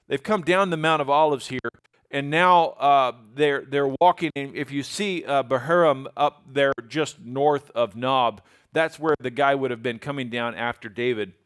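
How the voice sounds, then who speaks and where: A man's voice: medium pitch, moderate pace, fairly bright tone, clear, resonant tone. A man giving a conversational Bible lesson. He retells scripture in a folksy, everyday way and reads old-style verses aloud. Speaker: Bible teacher.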